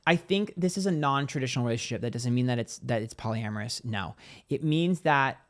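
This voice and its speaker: A man's voice: medium pitch, lively intonation, a little fast. A man giving a casual tarot card reading to camera, chatty and profane, acting out little scenes as he goes. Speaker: tarot reader.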